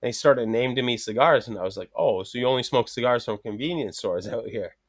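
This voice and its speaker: A man's voice: mid-range voice, fairly quick. A man telling rambling, profane anecdotes in casual chat, acting out both sides of each conversation.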